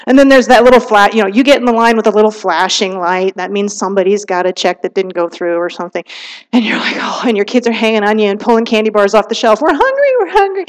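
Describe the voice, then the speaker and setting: A woman giving a church teaching talk, telling everyday stories in a lively way and acting out little scenes, then slowing down and softening her voice to stress a point. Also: medium pitch. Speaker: Bible teacher.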